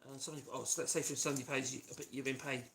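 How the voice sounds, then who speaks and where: A man's voice: medium pitch, level tone, very fast, fairly bright tone. Rambling Norfolk-accented man in a workshop. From Norfolk, East of England. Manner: rambling, hums and chats while working. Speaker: woodworking channel host. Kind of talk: casual live workshop demonstration. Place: home workshop. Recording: noisy workshop livestream. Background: sanding and tool noise.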